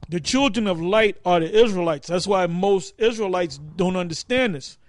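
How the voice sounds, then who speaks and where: A man reading scripture slowly in a sermon, then commenting on it. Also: high voice, dry recording. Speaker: preacher. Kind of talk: sermon-style teaching.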